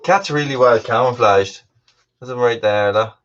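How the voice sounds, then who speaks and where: A man's voice: mid-range voice, moderate pace, a bit bright, dull audio. A man hosting a casual live stream, rambling with many restarts and chatting to viewers and his dog. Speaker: livestream host.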